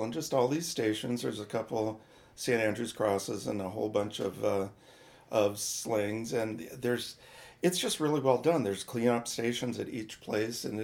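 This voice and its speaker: A man's voice: lowish voice, gravelly, a little mellow. A man co-hosting a podcast, telling long rambling stories in casual chat, with self-mocking asides. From Midwest United States. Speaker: podcast co-host.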